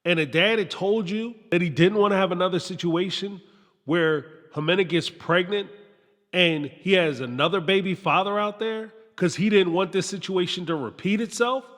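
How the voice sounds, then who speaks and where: A man hosting a reality TV review, talking in an animated, sarcastic, slangy commentary style. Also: sits high, normal speed, long reverb tail. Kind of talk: commentary monologue.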